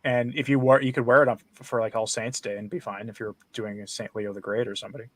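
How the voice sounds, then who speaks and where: A man's voice: medium pitch, little pitch movement, fast, a bit bright, no room sound. A man as a guest on a casual trivia show, chatting over a video call and sharing facts with hedging asides. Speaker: guest panelist. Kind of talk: casual chat.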